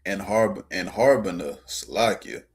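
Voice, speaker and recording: A man reading scripture aloud carefully, sometimes halting on words. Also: low-pitched, expressive, husky. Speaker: scripture reader.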